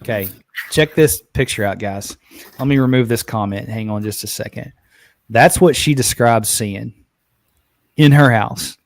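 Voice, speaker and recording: A man hosting a live podcast, chatting casually and excitedly, often repeating words as he goes. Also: medium pitch, a little slow, gravelly, no echo. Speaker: podcast host. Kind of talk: casual live-stream chat.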